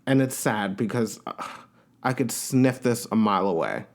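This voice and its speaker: A man's voice: fairly low pitch, expressive, normal speed. A man hosting a podcast, giving a casual, opinionated recap of a reality show and acting out quotes in changing voices.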